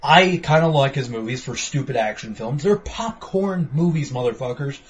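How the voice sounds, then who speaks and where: A man's voice: mid-range voice, expressive, normal speed. A young man giving a casual, blunt movie review podcast, rambling with lots of fillers and swearing.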